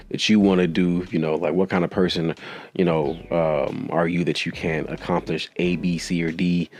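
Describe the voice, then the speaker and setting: A man's voice: sits low, darkish tone. A man hosting his own podcast and talking casually on his own, rambling and correcting himself, with lots of filler words and small chuckles. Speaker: podcast host. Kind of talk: casual solo podcast monologue.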